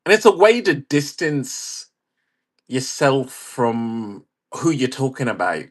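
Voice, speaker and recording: A man's voice: mid-range voice, lively intonation, slow pace. A man hosting a livestream in a casual, wry manner, chatting and reacting to viewer comments. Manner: chatty, wry, reads chat aloud and laughs. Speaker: livestream host.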